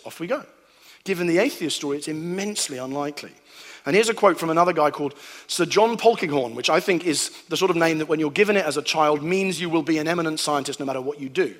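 Animated man in a hall. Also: a little high, quick pace. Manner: animated, playful, acts out sounds and voices. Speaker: speaker giving a talk to an audience. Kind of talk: lively public talk. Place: hall with a live audience. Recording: long hall reverb.

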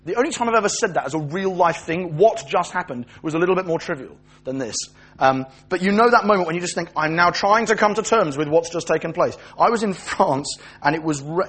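A man delivers a sermon in a lively storytelling manner, acting out the voices of the people he quotes. His voice sits fairly high and carries a slight huskiness. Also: husky. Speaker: preacher.

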